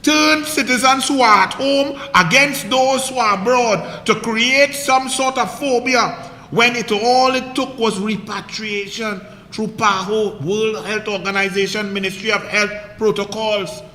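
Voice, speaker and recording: A Trinidadian man rants about politics in a bright, high voice, mocking and combative, throwing out rhetorical questions. His voice rings around an echoey room with a long reverb tail. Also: a little slow. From Trinidad and Tobago. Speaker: political commentator. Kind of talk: heated political monologue.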